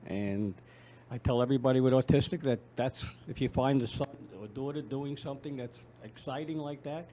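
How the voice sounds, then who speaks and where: A man with a warm, mellow voice, speaking as a guest in a studio interview. He talks earnestly and haltingly, stopping and restarting his sentences as he goes. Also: medium pitch. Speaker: guest, foundation founder.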